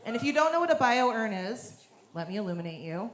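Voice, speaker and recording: A woman in her thirties doing a stand-up comedy set on a club stage, with a deadpan, bawdy delivery. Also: a little high, fast. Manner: deadpan, bawdy punchlines, laughs at own jokes. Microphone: handheld stage mic. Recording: echoey club with crowd noise. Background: audience laughter.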